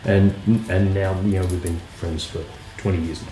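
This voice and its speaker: A man, a guitarist telling anecdotes in a relaxed, casual way with plenty of fillers. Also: sits low, normal speed. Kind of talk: casual interview storytelling. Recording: roomy echo, faint music.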